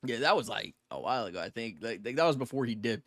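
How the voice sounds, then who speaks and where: A young man co-hosting a podcast, talking fast and loose with lots of slang, cursing and filler words. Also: medium pitch, lively intonation, fairly bright tone, no room sound, studio quality. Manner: fast, rambling, slangy and profane, with many fillers. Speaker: podcast co-host. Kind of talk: casual podcast chat.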